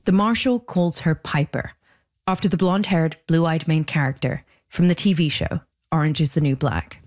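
A woman hosting a documentary podcast, reading scripted narration in a measured way. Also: deep voice. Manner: measured, even storytelling delivery.

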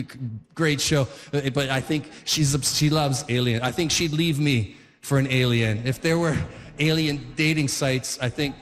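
A man's voice: medium pitch, big-room sound. A man in his forties doing stand-up comedy, rambling and restarting his sentences with chuckles. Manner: rambling, self-interrupting, chuckling.

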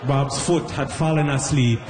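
A man's voice: medium pitch, fairly even intonation, a little slow, heavy background noise. A Caribbean man performing a stand-up comedy set in a loose, conversational way. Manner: loose, conversational delivery with frequent "you know what I mean".

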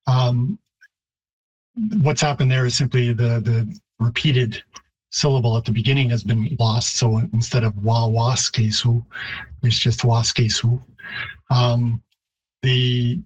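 A man with a husky voice explains pronunciations with great care, pausing and restarting often. His pitch stays flat and even throughout, in the manner of a professor answering on a radio show. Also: rough recording. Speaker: linguistics professor guest.

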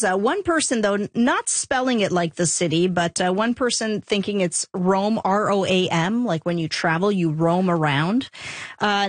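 Woman radio host, casual chat, mid pitch, dry studio sound. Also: no echo. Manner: chatty, laughs easily.

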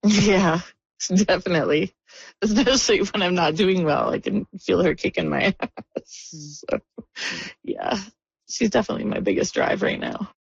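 A woman speaking in a radio interview, near tears, halting and emotional with nervous laughs. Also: lowish voice, gravelly, slightly rough, no echo, highs cut off. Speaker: interviewee, friend of a victim.

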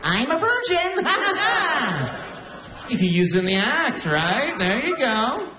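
A man's voice: very high-pitched, huge pitch swings, slow, roomy sound, voice pushed up, exaggerated voice. A cackling goofy cartoon guy. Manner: cackling, silly. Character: goofy cartoonish man on a toy box.

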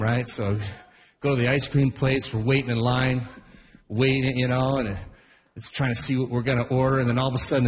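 A man's voice: mid-range voice, big-room sound. A man in his forties doing a rambling stand-up routine, often breaking off his own sentences. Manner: rambling, self-interrupting, chuckles between bits. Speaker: stand-up comedian.

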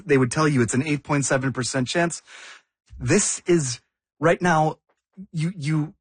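Husky man asking probing questions. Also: medium pitch, dry recording. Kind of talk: conversational news discussion.

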